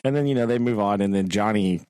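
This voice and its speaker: Man, podcast co-host, casual book talk, laughs a lot, lowish voice, dry sound. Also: fast, clear, resonant tone, no echo, low-quality recording. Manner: animated, laughs often, quotes characters.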